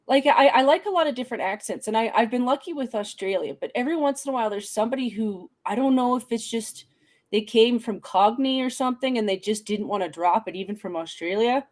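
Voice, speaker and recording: Higher-voiced Canadian woman, chatty co-host. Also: fast, a little mellow. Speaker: podcast co-host. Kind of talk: casual chat.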